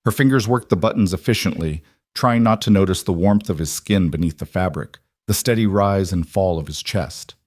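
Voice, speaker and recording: Male narrator, low and dry, calm scripted storytelling. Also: moderate pace, dry recording.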